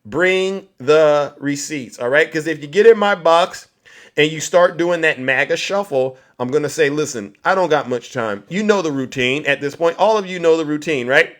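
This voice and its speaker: A man's voice: on the high side, moderate pace, a bit bright. A male livestream talk show host giving a combative political monologue in a preachy tone, repeatedly asking "all right?".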